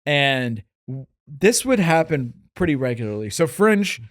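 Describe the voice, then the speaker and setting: A comedian with a neutral American accent, chatting and telling rambling stories on a podcast, gregarious and full of fillers. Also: male voice, medium pitch, sing-song, measured pace. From United States. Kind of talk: casual storytelling chat.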